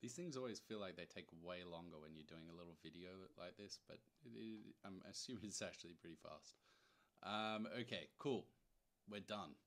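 Young man, deep voice, casual live tutorial host, chatty and wry, thinking out loud. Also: normal speed. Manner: thinks aloud, loose and chatty, wry asides. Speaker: software demo presenter.

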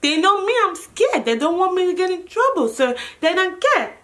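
Bright, high-voiced young woman telling a story. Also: normal speed. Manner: animated, acts out every line of dialogue. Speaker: vlogger. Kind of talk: casual storytime.

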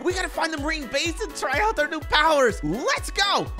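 A hyper gaming commentator, a man with a high, animated voice that leaps all over. He reacts loudly to the action with music behind him. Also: moderate pace. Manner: hyper, exclamatory, lots of "dude" and "oh". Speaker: gaming youtuber. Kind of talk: excited gameplay commentary. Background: background music.

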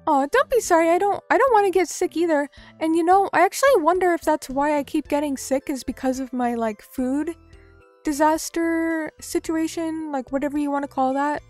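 A woman's voice: sits high, normal speed, soft background music. A young woman streamer chatting casually, reading out chat messages and joking about herself in a playful way. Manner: playful, reads chat aloud, self-mocking.

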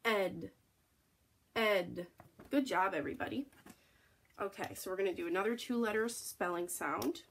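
A woman's voice: mid-range voice, expressive, a little fast, slight background noise. Encouraging woman teaching letter sounds. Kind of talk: phonics lesson for young children.

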